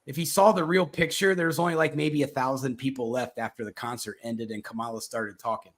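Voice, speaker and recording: A man hosting a casual political talk show, rambling in a halting way with lots of fillers and restarts. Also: mid-range voice, steady tone. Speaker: podcast host.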